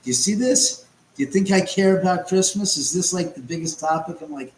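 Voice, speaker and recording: A man's voice: high voice, brisk, a little mellow, roomy sound, a little hiss or hum, poor audio. A man hosting a casual livestream chat from home, rambling and sarcastic and swearing often. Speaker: livestream host.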